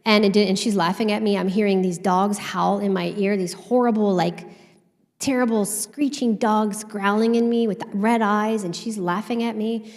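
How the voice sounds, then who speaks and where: A woman's voice: medium pitch, moderate pace. Candid woman storyteller in a reverberant hall. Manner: candid, animated storytelling with casual swearing. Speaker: conference speaker. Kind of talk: storytelling talk on stage. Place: conference hall stage.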